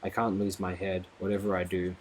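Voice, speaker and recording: A scared girl's racing thoughts are read in a low, plain voice, as a male narrator puts her on. There is a faint hiss of noise in the recording. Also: monotone, a little fast, lightly acted. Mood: anxious. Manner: anxious inner thoughts. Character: frightened girl, heroine thinking to herself.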